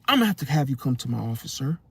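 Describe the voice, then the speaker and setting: A man voicing a stern store worker who stops a customer and orders him to the office, in a sharp, commanding tone. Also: medium pitch, sing-song, rapid-fire, breathy edge, no room sound, pitched below the performer's own voice, heavily acted.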